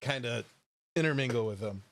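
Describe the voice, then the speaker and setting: A man playing a tabletop game on a live stream, playful and quick to laugh, who also hosts the show. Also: mid-range voice. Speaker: player and show host.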